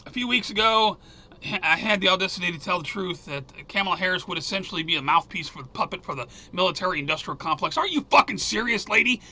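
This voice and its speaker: A man hosting a solo news commentary show, reading headlines and ranting angrily, swearing and sometimes yelling. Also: high-pitched, fast talker.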